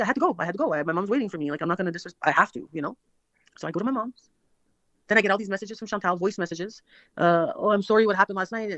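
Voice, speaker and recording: Rapid-fire woman telling a story in dull lo-fi audio. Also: lowish voice, a bit bright, no echo. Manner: rapid, breathless storytelling full of fillers and quoted dialogue. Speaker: woman in a played clip. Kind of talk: rambling personal story.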